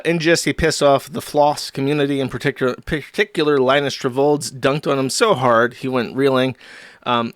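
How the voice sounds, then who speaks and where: Man, streamer host, casual commentary, crude, sarcastic, rambling, mid pitch, dry close sound. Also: fairly bright tone, clean tone, dry recording.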